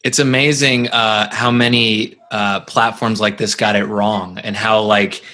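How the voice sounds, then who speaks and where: Guy hosting a laid-back podcast, bright forceful voice, keeps stumbling and restarting. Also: on the low side, fairly even intonation. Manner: halting, lots of fillers and restarts. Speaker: podcast host. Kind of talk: casual podcast conversation.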